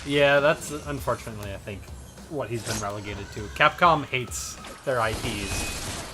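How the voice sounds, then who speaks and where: A man's voice: medium pitch, normal speed. A man co-hosting a gaming chat while playing, answering in short dry replies. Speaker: co-host playing the game. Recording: clear game music behind.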